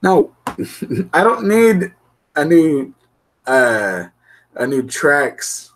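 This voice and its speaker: A man's voice: a little high, big pitch swings, extremely slow, fairly bright tone. A man hosting an RC hobby show, chatting casually and goofily with his live-stream viewers. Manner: goofy, laughing, chatty with viewers.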